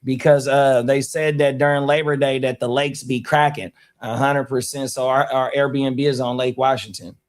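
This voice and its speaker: A man's voice: mid-range voice, steady tone, moderate pace, few pauses. A man chatting casually on a stream, laid-back and slangy. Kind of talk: casual chat.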